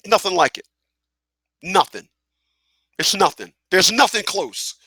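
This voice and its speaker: Lively high-pitched male radio host. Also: measured pace, slightly rough, no echo. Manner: animated, profane, laughs often, repeats himself. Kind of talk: live talk radio monologue.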